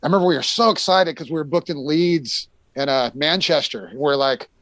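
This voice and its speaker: American guy rambling thru band tour stories, lots of um and you know, kinda high voice, dry sound. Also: a little fast, a bit bright, no echo. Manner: rambling, many fillers and restarts, acts out quoted voices. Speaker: bassist guest telling tour stories. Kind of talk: casual storytelling chat.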